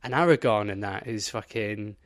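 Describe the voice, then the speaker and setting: A young man co-hosting a podcast, telling an animated story in casual chat and swearing often. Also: fairly low pitch, moderate pace. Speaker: podcast co-host.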